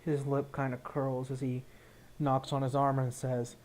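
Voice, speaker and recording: A man's voice: mid-range voice, monotone, a little slow, darkish tone. A man narrating as game master in a tabletop game, in loose, casual narration full of fillers.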